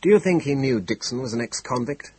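A man's voice: mid-range voice, expressive, a little fast, a little mellow, breathy edge, dry recording, pitched above the performer's own voice, poor audio. A man playing a brusque, impatient police commissioner. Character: irritable older police commissioner, ex-army man.

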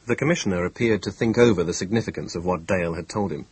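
A man narrating an audiobook of a classic detective story in a measured, even storytelling manner. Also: sits low, husky, no room sound, rough recording. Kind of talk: scripted narration.

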